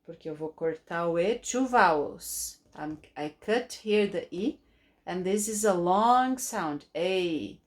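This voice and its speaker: A woman with a Brazilian Portuguese accent teaching children phonics, slowly modeling each sound and asking them to repeat. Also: lowish voice, lively intonation. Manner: slow, drawn-out modeling of sounds for repetition.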